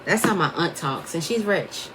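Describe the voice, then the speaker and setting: Chatty low-voiced woman reading tarot. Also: animated, normal speed, background noise. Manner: chatty, wanders off topic, talks to viewers as y'all. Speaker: tarot reader.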